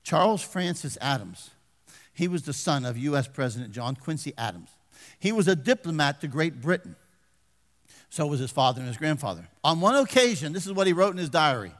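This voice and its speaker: An older man preaching a folksy sermon as pastor, swinging from loud exhortation to hushed asides and calling for amens. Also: a little high, very animated, normal speed. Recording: long reverb of a large hall.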